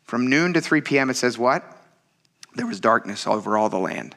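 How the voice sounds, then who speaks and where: Bright, earnest man preaching a sermon. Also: mid-range voice, lively intonation, normal speed, gravelly. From United States. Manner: earnest and conversational, often calling the congregation "you guys". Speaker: pastor.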